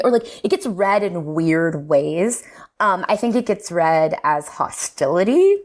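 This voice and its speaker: A woman linguist explaining in a casual, animated way, laughing often. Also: medium pitch, takes it slowly. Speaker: linguist guest. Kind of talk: casual explanatory podcast talk.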